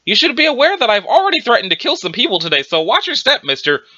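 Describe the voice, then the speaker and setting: A man's voice: very high-pitched, huge pitch swings, fast talker, bright, forceful tone, no echo, highs cut off, exaggerated voice. A man voicing a perky, dog-like young woman, earnest and mock-serious. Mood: mock-stern.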